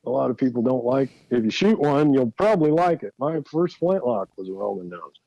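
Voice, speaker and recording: A man's voice: medium pitch, big pitch swings, brisk, creaky, dark tone, no room sound, poor audio. A man telling folksy stories as a guest, easygoing and chuckling through his anecdotes. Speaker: guest, rifle builder. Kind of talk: anecdotal storytelling.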